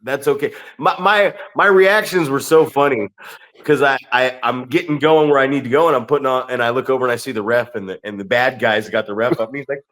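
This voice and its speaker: A man's voice: medium pitch, brisk. A man co-hosting a wrestling podcast, telling ring stories with lots of swearing and acted-out voices. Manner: animated storytelling, acts out voices, swears a lot. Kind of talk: casual podcast chat.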